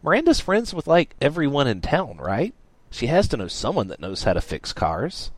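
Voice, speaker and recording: A man voicing an exasperated, scheming young shop owner who talks in a raised, pushy, excitable way. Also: medium pitch, normal speed, no echo, voice pushed up.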